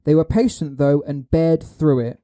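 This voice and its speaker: A man's voice: on the high side, steady tone, normal speed, mellow. A man hosting a podcast, running a casual guessing game with lots of ums and laughs. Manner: laughs often, hedges with ums. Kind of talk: casual chat.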